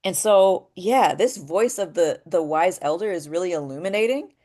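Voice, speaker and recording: Woman, lowish pitch, earnest, reflective spiritual talk, frequent rhetorical check-ins. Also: expressive, normal speed, warm tone. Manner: earnest, often asks a rhetorical "right?". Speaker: voice actor and workshop speaker.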